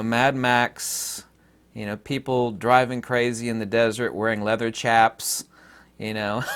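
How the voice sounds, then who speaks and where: A man's voice: medium pitch, a bit bright. A man from the United States talking straight to his viewers in an emphatic, ranting monologue. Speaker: vlogger. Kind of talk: casual monologue to camera.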